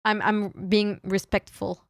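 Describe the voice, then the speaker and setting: A woman's voice: medium pitch, flat delivery, unhurried, creaky. A young woman, streaming in casual chat, playfully teasing her viewers and often restarting her sentences. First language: French. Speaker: VTuber streamer.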